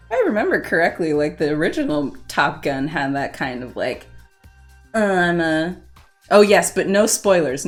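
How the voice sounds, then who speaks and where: A woman streaming live, chatting casually with her viewers, reading their messages aloud and often breaking into laughter. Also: on the low side. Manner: playful, giggly, reads chat aloud. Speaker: Twitch streamer.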